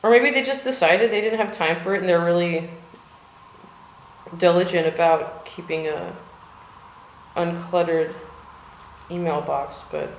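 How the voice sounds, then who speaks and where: An American woman vlogger rambles casually in her cold home art studio, using lots of fillers and the occasional swear word. Her fairly low voice is measured, with long pauses, and the echoey recording carries slight background noise.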